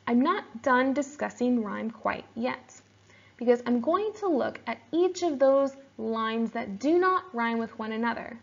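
A woman teacher explaining poetry in a steady, explanatory lesson, sometimes reading verse aloud slowly. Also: a little high, gravelly, muffled recording. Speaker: English teacher.

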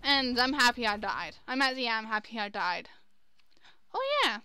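A young woman commenting chattily on her own gameplay, quick to exclaim and laugh. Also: on the high side, very animated, bright, forceful tone, clean tone, no room sound. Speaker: gamer. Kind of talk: let's play commentary.

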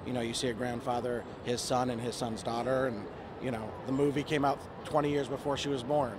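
A man's voice: mid-range voice, little pitch movement, fairly quick, background noise. A man being interviewed outdoors at a fan convention, talking in an easygoing, hesitant way with fillers and restarts. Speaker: actor and producer, interview guest. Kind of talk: casual live interview.

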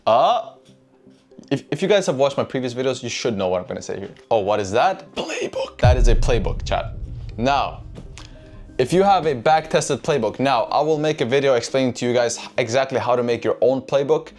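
Male trading coach, mid-pitch, casual and profane, talks straight to chat, faint music bed. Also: expressive, moderate pace, darkish tone. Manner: profane, keeps asking "right?", addresses chat. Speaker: trading educator. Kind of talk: casual whiteboard trading lesson.

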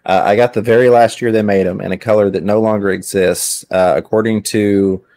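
A man's voice: lowish voice, fairly even intonation, fairly quick, darkish tone. A middle-aged man hosting a casual chat, easygoing and rambling, often restarting his sentences. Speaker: host.

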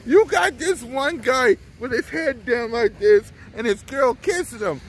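A man's voice: very high-pitched, expressive, measured pace. A man vlogging a mocking, taunting sports rant and laughing often, with faint traffic outside. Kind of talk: trash-talking sports rant.

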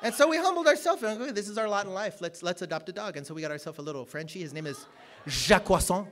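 Man, preacher, high voice, sermon storytelling, loud bursts and quiet asides. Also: rapid-fire, a faint crowd. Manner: storytelling, swings from loud emphatic outbursts to low quiet asides.

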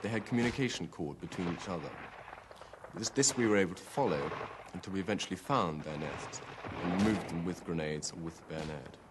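Low voiced ex-officer, plain and steady, telling how the fight went. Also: male voice, a little fast, background noise. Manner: matter-of-fact, steady. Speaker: army platoon commander recalling a battle. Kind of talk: documentary interview recollection.

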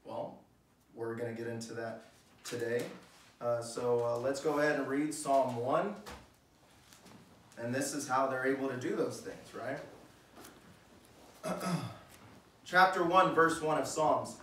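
A man's voice: mid-range voice, moderate pace, pauses often, a bit bright, slight background noise. A man preaching a sermon in a conversational way, asking his listeners questions and reading scripture aloud in church. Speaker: pastor. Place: church hall. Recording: echoey room, mic at a distance.

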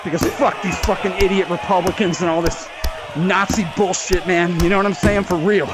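A man ranting profanely and angrily while boxing in a VR game, out of breath from the workout, with shouted outbursts. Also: high-pitched, steady tone, fairly quick. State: out of breath from exercise. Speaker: VR fitness vlogger. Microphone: VR headset mic.

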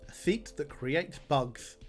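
A man's voice: fairly high pitch, lively intonation, slow pace, faint music behind. A man streaming a game, reading item text aloud with dry jokes and plenty of fillers. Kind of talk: game livestream commentary.

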